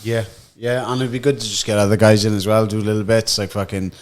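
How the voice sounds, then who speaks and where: A man's voice: fairly low pitch, little pitch movement, fast talker. A young Welshman co-hosting a podcast, chatting casually with plenty of swearing and easy banter. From Wales. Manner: swears a lot, laid-back banter. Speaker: podcast co-host, fighter. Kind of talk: casual chat.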